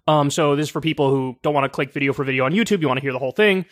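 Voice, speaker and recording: Male host, 30s, higher-pitched, sarcastic and casual, close dry mic. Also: racing, no echo. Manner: casual, profane, sarcastic, lots of fillers. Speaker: political commentary show host. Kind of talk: casual solo political commentary.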